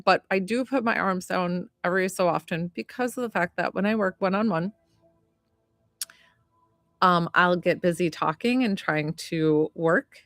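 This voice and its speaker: A woman's voice: lowish voice, measured pace, no echo, studio quality. A woman talking casually to viewers on a live stream as a psychic medium and healer, chatty and rambling with lots of fillers. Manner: chatty, warm-hearted, rambling with many fillers.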